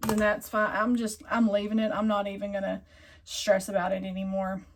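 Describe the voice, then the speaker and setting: A woman's voice: mid-range voice, monotone, brisk. A woman hosting a casual sewing tutorial, thinking aloud and rambling as she grows frustrated with her work. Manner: talks to herself, frustrated and rambling. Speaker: quilting video host. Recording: sewing machine noise behind.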